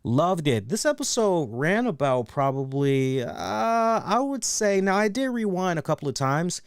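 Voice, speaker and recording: Man, casual wrestling recap host, enthusiastic, rambling, smooth resonant voice, dry close sound. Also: high voice, big pitch swings, measured pace, no room sound. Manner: enthusiastic, rambling, repeats words, acts out quotes. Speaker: wrestling show reviewer. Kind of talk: casual solo review recap.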